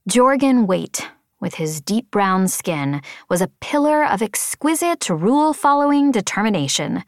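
Wry woman narrating a novel, lively pitch. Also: no room sound, studio quality. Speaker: audiobook narrator. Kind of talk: first-person novel narration.

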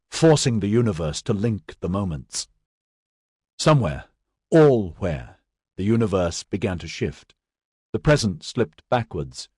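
A man reads a fantasy novel aloud with lively, swinging intonation and a husky grain. The recording is dry and close, with no room sound. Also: on the low side, no room sound. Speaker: audiobook narrator. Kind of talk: scripted narration.

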